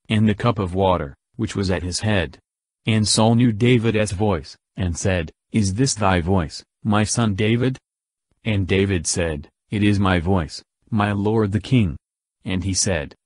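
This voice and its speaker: A man with a lowish voice reads scripture aloud, moving steadily and measuredly from verse to verse. The sound is dry and close, with no room around it. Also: a little mellow, no echo. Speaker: Bible reader. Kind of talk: scripture reading.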